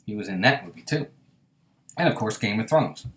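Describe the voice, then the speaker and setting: A man hosting a casual live stream, with a lively, bouncing voice that rises and falls. He chats freely, laughs a lot and reads viewer comments aloud. The sound has a roomy echo. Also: lowish voice, brisk. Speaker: host.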